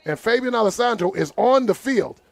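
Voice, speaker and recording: High-voiced, fired-up male sports commentator. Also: animated, a little fast, no room sound. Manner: exasperated, indignant, talks to the players. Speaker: play-by-play commentator.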